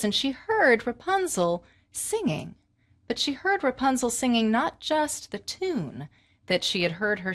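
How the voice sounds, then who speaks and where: A woman telling a fairy tale to children, animated and inviting the listeners to join in the actions. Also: mid-range voice, dry recording, studio quality. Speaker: storyteller.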